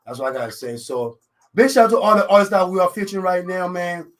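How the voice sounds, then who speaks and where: A man from Africa with a French accent hosts a live radio show from a studio mic. His voice sits a little above the usual male pitch. He rambles in a jokey, self-assured way, tying every thought together with casual filler phrases. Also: fast. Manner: rambling, constant "you know what I'm saying" fillers; confident, jokey. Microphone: studio microphone.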